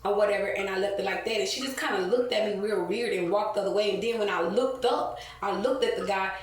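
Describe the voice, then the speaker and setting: A woman vlogger rants casually to camera at a fast pace and medium pitch, telling a heated, profane story packed with fillers. The recording sounds very echoey and distant, with faint ambient noise.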